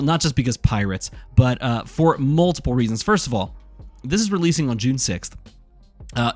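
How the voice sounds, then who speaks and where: A young man hosting a card game channel, talking in an excitable, rambling way with lots of fillers. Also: mid-range voice, dry recording. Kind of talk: casual excited chat.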